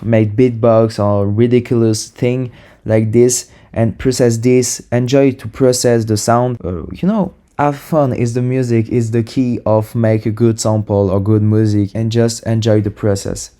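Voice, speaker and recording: A man's voice: medium pitch, fairly even intonation, unhurried, dark tone. A man casually walking through how he built a music sample, upbeat and full of "super" and "you know". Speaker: music producer. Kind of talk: casual tutorial walkthrough.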